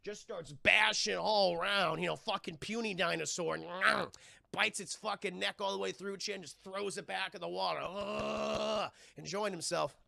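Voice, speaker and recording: A male streamer whose voice is heavily gravelly and creaky, pitched high and bright. He retells a film in an animated, profane, chatty way and keeps talking to his chat. The sound is close and dry. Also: normal speed, no room sound. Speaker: live streamer and film reviewer. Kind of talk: casual scene-by-scene film retelling.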